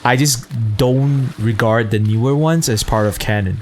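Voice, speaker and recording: A man's voice: mid-range voice, normal speed, a little hiss or hum. A man chatting casually as a streamer, rambling, profane and laid-back, often laughing at his own jokes. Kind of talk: casual chat.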